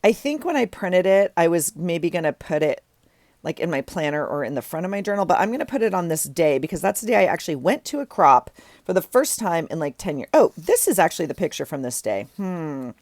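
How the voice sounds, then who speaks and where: Gravelly-voiced woman chatting while journaling. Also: fairly low pitch, very animated, a little fast, a little mellow, no room sound, clean studio sound. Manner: chatty, rambling, self-deprecating asides. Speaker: journaling vlogger. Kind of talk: casual chat while crafting.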